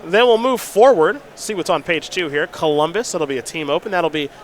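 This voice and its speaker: A man doing casual, chatty commentary banter at a live card game event, quick to laugh. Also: on the high side.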